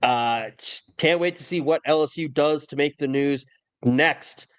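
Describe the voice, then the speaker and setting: A man's voice: a little high, unhurried. Wry male sports podcast host. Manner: wry, opinionated. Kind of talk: casual sports talk.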